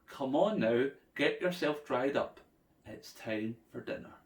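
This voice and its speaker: A man voicing brisk, no-nonsense parents calling their children home. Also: mid-range voice, animated, far from the mic. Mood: scolding. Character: fussing parents, adult, no-nonsense. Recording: echoey room.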